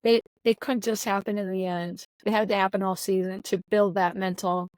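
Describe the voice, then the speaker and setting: A woman's voice: medium pitch, flat delivery, normal speed, a little mellow, dry recording, poor audio. A middle-aged woman coach talking earnestly in an interview, often repeating words as she searches for her phrasing. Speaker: volleyball coach. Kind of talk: podcast interview.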